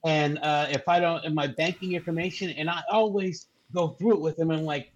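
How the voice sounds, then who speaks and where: A man's voice: fairly high pitch, brisk, hardly any pauses, dull audio. A man co-hosting a radio morning show, telling crude stories and mocking scam callers in casual chat. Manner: crude, mocking storyteller acting out scam calls.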